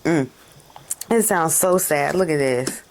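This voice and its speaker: Gravelly-voiced female card reader, chatty and dramatic, laughs a lot. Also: low-pitched, lively intonation, slow pace, slight background noise. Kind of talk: casual spiritual reading to camera.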